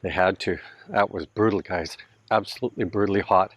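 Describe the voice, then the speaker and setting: Man, Canadian accent, casual chatty vlog, low voice, dry close sound. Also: fairly even intonation, brisk, breathy edge, no echo. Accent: Canadian English. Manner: chatty, laughs often, talks straight to viewers. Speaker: vlogger. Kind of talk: casual vlog talk to camera. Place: outdoors at a house build site in the Philippines.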